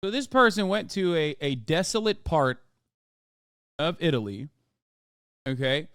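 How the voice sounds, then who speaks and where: A man hosting a live-stream reaction, talking in an animated, profane, ranting way. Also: on the high side, unhurried, clean tone, no echo, clean studio sound. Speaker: streamer host.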